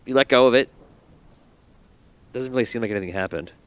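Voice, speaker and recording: A man narrating calmly as game master of a tabletop game, with casual fillers. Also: mid-range voice. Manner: calm, measured scene narration with casual fillers.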